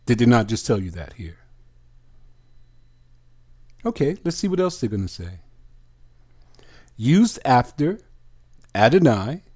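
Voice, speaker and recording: Slow, emphatic male preacher. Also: mid-range voice, sing-song, mellow, husky. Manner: slow, emphatic, asks the audience questions. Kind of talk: sermon teaching.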